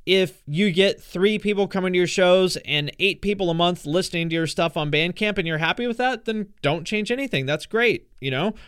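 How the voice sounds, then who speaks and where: Man, podcast host; candid and conversational, clear tone. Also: sits high, dry recording, studio quality. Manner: frank, conversational, swears casually. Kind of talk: casual podcast chat and listener advice.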